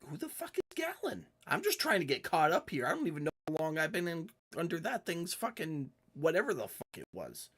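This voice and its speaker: A man's voice: on the high side, wildly swooping pitch, a little fast, hardly any pauses, fairly bright tone, husky, voice pushed up, exaggerated voice. A man voicing a foul-mouthed, cocky, cat-like young nobleman who swears freely and talks with theatrical charm. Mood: pleading.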